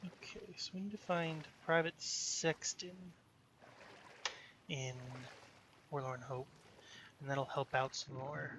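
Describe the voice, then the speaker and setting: A man's voice: on the high side, slow, pauses often. Swearing man muttering over gameplay. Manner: profane, rambling, muttering to himself. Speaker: let's play host. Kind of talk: casual gameplay commentary. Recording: noisy gameplay recording.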